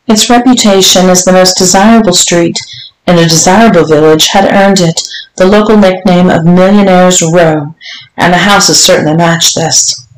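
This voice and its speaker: A woman's voice: lowish voice, moderate pace. Woman storyteller in a roomy echo. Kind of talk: scripted story narration.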